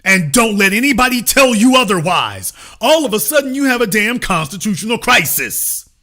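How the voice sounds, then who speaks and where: Middle-aged guy ranting on his commentary show, sarcastic and emphatic, sharp bright tone. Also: high-pitched, moderate pace. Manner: animated, sarcastic, emphatic preaching cadence. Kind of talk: political commentary monologue.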